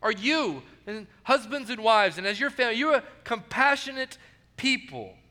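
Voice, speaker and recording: A male pastor preaching a sermon, earnest, repeating key phrases and dropping soft and low on quoted words. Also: sing-song, moderate pace, big-room sound.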